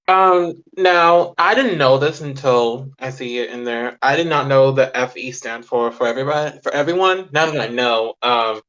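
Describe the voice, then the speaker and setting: A man's voice: medium pitch, fairly bright tone. A man interviewing a guest and asking curious, hesitant questions. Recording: dull lo-fi recording.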